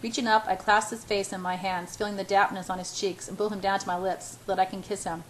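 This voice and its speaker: A woman reading a first-person romance novel aloud in a soft, intimate, hushed way. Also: medium pitch, level tone, fast talker, slight background noise, poor audio. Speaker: audiobook reader.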